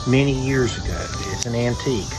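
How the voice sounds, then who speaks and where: A man with a middle-pitched voice spins a slow, folksy story outdoors beside a fire at night. He pauses often with "uh" as he talks. Crickets chirp and music plays behind him. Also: rough recording. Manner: unhurried, folksy, lots of "uh" pauses. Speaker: video blogger. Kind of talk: relaxed storytelling by a campfire.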